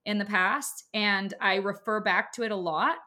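A business owner and course creator in her thirties chats on a casual podcast with a bright, forceful, mid-range voice. She talks emphatically at a moderate pace with fairly even intonation, peppering her speech with "like" and other fillers.

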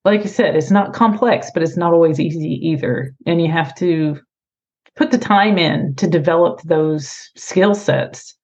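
A woman hosting a podcast over a call, speaking thoughtfully and pausing between phrases. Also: on the low side, a little mellow. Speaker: podcast host. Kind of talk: casual conversation. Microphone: remote call. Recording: slightly muffled call audio.

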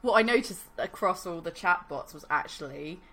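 A woman's voice: on the low side, animated, moderate pace, a bit bright. A woman co-hosting a podcast, chatting casually with many fillers and frequent giggles. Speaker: podcast co-host. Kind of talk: casual chat.

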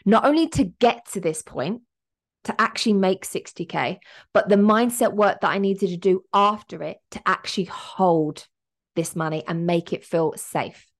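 A woman's voice: mid-range voice, moderate pace. A woman in her thirties talks through a solo podcast episode. She speaks as a business coach, upbeat and motivational, sometimes emotional, with plenty of everyday fillers.

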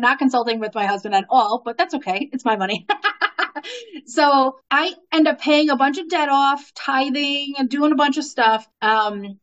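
A woman telling a long story in casual conversation, animated, laughing often and using lots of fillers. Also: a little high, lo-fi sound. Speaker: guest.

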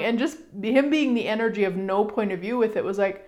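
A middle-aged woman hosting a casual self-help talk, chatty and animated, with fillers and emphatic asides. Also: mid-range voice, moderate pace. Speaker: podcast host.

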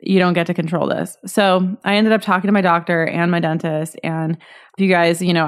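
A woman in her thirties hosting a solo podcast, telling a personal story in a candid, chatty way with lots of fillers and restarts. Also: fairly low pitch. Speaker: podcast host.

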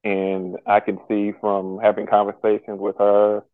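Earnest male guest on a remote call, slow and halting, flat delivery, tinny dry phone sound. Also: lowish voice, no room sound. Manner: halting and earnest, many pauses and restarts. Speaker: podcast guest. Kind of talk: candid personal conversation.

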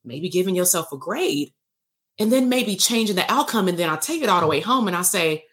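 A woman's voice: lowish voice, expressive, a little fast, a bit bright. A woman hosting a live online workshop, telling a story casually and animatedly, acting out dialogue and laughing often. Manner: casual and salty, with frequent laughs. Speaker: bootcamp host and therapist coach.

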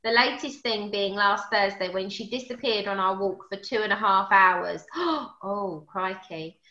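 A woman co-hosting a casual chat, reading out listener questions in a lively, animated way. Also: mid-range voice, moderate pace. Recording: roomy, slightly lo-fi sound.

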